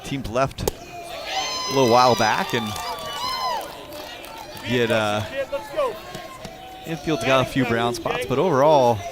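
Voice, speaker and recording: A man doing color commentary on a live high school baseball game, with relaxed, rambling analysis full of restarts. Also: takes it slowly, long pauses, a loud crowd. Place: outdoor ballpark.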